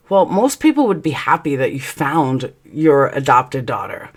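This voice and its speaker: A woman telling a personal story in a vlog, blunt and heated, swearing freely and rambling through quick asides. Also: rumbling low, very animated, slightly rough. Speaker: channel host.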